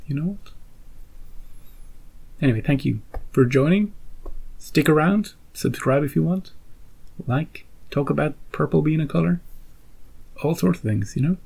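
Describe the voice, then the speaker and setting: A man's voice: fairly high pitch, expressive, unhurried, gravelly, pauses often, darkish tone, husky, poor audio. A man hosting a reaction channel, chatting casually to his viewers in a rambling way and often repeating himself. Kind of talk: casual chat to camera.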